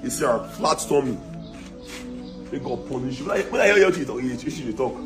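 A man's voice: medium pitch, expressive, brisk, lightly acted. A man playing a boastful young scammer in a comic skit, speaking with a Nigerian accent and taunting and threatening the woman he swindled. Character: boastful young male scammer who swindled his girlfriend. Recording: music playing under the voice. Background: music.

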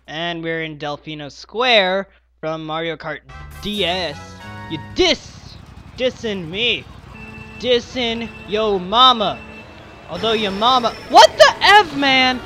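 Young guy ranting over a kart game, high voice, kind of slow, music playing faintly. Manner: excitable, yelling at the game. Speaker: let's player. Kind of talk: gaming commentary.

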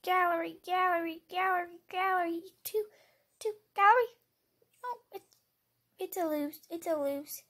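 A woman commentating her game, excitable and rambling, jumping from loud squeals to hushed whispers. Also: very high voice, moderate pace. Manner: rambling with many fillers. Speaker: gamer.

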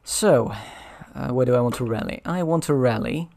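Playing a strategy board game alone, a man talks himself through each decision and mumbles about the rules. He has a mid-range, gravelly, slightly mellow voice and speaks at a moderate pace.

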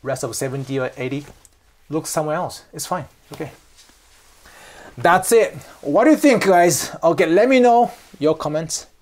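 Japanese guy with a japanese accent explaining stuff to camera, kinda high voice, keeps saying okay?. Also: normal speed. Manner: animated, checks in with frequent "okay?". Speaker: host teaching culture. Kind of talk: explanatory vlog talk to camera.

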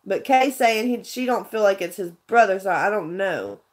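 A woman's voice: mid-range voice, lively intonation, moderate pace. A woman telling a story in a casual livestream chat, rambling and earnest, with frequent restarts. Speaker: vlogger chatting with viewers.

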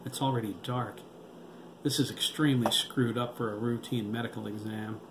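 A man voicing a wry, cultured man who drinks cognac and frets quietly. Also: medium pitch, steady tone, moderate pace, natural voice. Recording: roomy with background noise.

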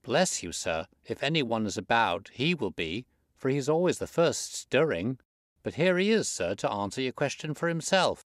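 A man's voice: mid-range voice, very animated, normal speed, no echo, studio quality, voice pushed up, close to an everyday voice. A man voicing a deferential young stable lad, eager and servile.

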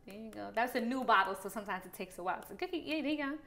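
A woman's voice: medium pitch, lively intonation, rapid-fire, vocal fry, pushed and bright. A young woman cooking in her home kitchen and walking her partner through a recipe with upbeat, teasing coaching. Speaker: host teaching cooking. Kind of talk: casual cooking instruction. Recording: music playing underneath. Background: background music.

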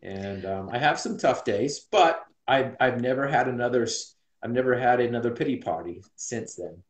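A man's voice: mid-range voice, animated, moderate pace. A man in his forties from Utah, earnestly and reflectively telling a personal story as an interview guest. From Utah, USA. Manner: earnest and reflective, many restarts. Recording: roomy echo.

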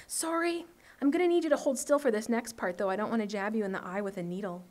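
A woman reading aloud and voicing an unsettlingly calm, bossy little girl who talks in a hushed, matter-of-fact way. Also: medium pitch, fast talker, natural voice.

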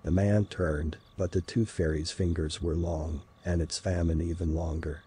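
A man reading a horror story in a slow, measured, dramatic style. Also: sits low, little pitch movement, mellow, slightly rough. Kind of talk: scripted horror narration.

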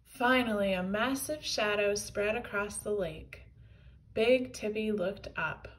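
A woman reading a children's book aloud in a clear storytelling manner. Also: a little high, distant mic, slight background noise, rough recording.

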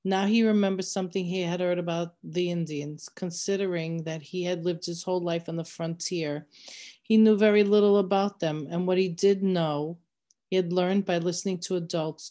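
A woman reading a novel aloud in steady, measured narration. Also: on the low side. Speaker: reader.

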